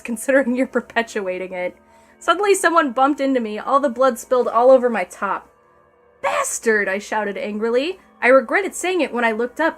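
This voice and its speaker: A woman streamer reading a fan story aloud on stream, breaking off for sarcastic, profane asides to her chat. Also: on the high side. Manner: sarcastic, profane asides between read passages.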